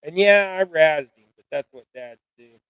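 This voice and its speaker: Middle-aged guy rambling folksy while tying lures, kinda high voice, dry close mic. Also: normal speed, fairly bright tone, clean tone, dry recording, poor audio. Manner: rambling, folksy, self-deprecating. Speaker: fishing channel host. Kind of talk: casual live-stream chat while tying jigs.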